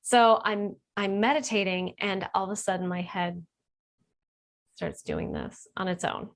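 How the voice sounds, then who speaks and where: A woman's voice: unhurried, creaky. A woman and holistic healer telling her own story to camera in a casual, chatty way, laughing often and often restarting sentences. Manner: animated, gets excited and high when reliving moments.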